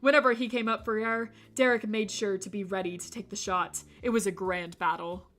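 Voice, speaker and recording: A woman streamer reading a visual novel aloud, breaking off for animated, jokey commentary. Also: mid-range voice, fairly quick. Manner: animated, jokey asides with laughter.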